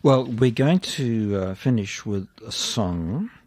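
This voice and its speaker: A man's voice: mid-range voice, lively intonation, slow pace, a little mellow, no echo. A man hosting a radio interview, chatty and friendly, steering the talk with his questions. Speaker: radio host.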